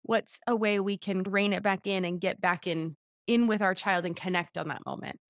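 A woman's voice: mid-range voice, steady tone, moderate pace, dry recording. Woman podcast host, friendly questions, mid voice, dry close mic. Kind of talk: podcast conversation.

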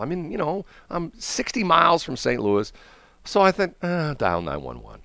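A man's voice: a little high, a little fast, creaky, no room sound, clean studio sound. A man hosting a morning radio show, telling a rambling story with frequent laughs, from the Midwestern United States. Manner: rambling, animated, laughs often. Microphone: studio microphone.

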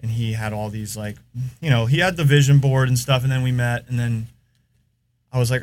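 An American man from the United States, appearing as a podcast guest, tells long, rambling stories in casual chat, padding them with plenty of fillers. His voice sits in the mid-range, a touch mellow, and he talks a little quickly.

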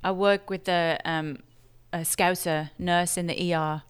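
A woman from England chatting casually as an interview guest, chatty and quick to laugh. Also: fairly low pitch, steady tone, smooth.

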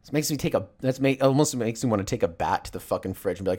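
A husky, medium-pitched man talks fast, ranting in a casual, comedic way. He rambles and swears through his stories, telling them with lots of animation.

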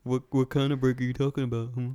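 A man's voice: mid-range voice, level tone, fast talker, dark tone, smooth, no room sound, studio quality, close to an everyday voice. A man voicing a hot-headed, swearing young kung fu hero in a comedic film re-enactment. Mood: sulky angry. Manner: swearing, grumbling.

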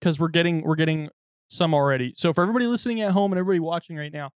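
A young man and father co-hosting a podcast, talking in a quick, animated, jokey way. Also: on the high side, clean tone, dry recording, clean studio sound. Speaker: podcast co-host. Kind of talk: casual chat.

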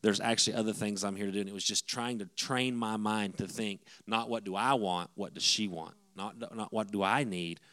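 A man's voice: fairly low pitch, steady tone, fairly quick, hardly any pauses, fairly bright tone. A middle-aged man, a pastor, giving a conversational sermon-style talk on marriage to the men, with frequent restarts.

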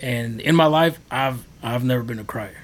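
Slight background noise accompanies a podcast guest speaking at normal speed in a mid-range voice. He tells his faith testimony casually and earnestly, rambling with many fillers.

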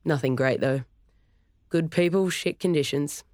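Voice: mid-range voice, measured pace, darkish tone, dry recording, clean studio sound, natural voice. A narrator voicing a cheerful middle-aged dad who jokes easily in a storybook reading. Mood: relaxed.

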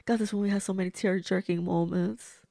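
A woman's voice: medium pitch, fairly even intonation, a little fast, vocal fry, dark tone, no room sound, studio quality. A woman, host of a movie review show, chatting casually and exclaiming at the screen as she watches along.

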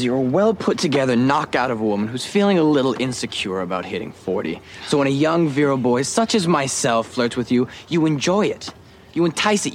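A man's voice: medium pitch, close to an everyday voice. An actor playing a cocky, bitter teenage boy in a TV drama, his lines sneering and cutting. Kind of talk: TV drama acting. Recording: TV clip with clear background noise.

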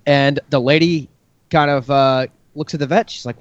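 A man co-hosting a podcast, telling a drawn-out joke in casual chat and acting out the characters. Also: medium pitch, no echo, muffled recording. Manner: drawn-out storyteller, acts out characters. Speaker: podcast co-host.

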